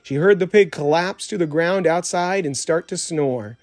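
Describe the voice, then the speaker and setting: A man narrating a children's storybook audiobook in a measured, plain reading. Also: a little high, a little mellow, no echo. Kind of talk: storybook read-aloud narration.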